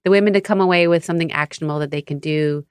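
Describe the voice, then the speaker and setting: A woman hosting a podcast, asking her guest questions with friendly, quick asides. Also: deep voice, clean tone, dry recording, studio quality. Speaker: podcast host. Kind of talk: casual interview chat.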